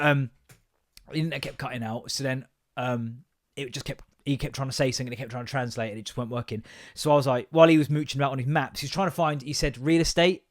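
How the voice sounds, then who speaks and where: A man hosting a podcast, telling rambling, sweary stories in an animated, comedic monologue. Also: mid-range voice. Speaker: podcast host.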